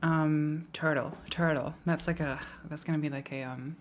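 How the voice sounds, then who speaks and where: A young woman with a British accent chats loosely to her viewers in a low-pitched voice. Her sentences wander and often drop away softly at the end. A faint background ambience sits under the talk. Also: fairly even intonation, moderate pace, slight background noise. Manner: rambling, trails off quietly at ends of phrases. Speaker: streamer. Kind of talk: casual live-stream chat.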